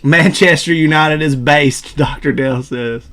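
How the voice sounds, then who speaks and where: A man's voice: fairly high pitch, a little slow, a bit bright. A man hosting a casual gaming stream, joking, laughing and swearing freely. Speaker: streamer host.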